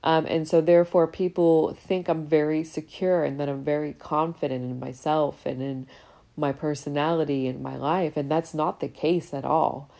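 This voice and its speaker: A woman's voice: sits low, flat delivery, moderate pace, vocal fry, dark tone. A woman in her thirties hosting a podcast, talking candidly in a casual reflective monologue and swearing now and then. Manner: candid and talkative, swears freely. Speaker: podcast host.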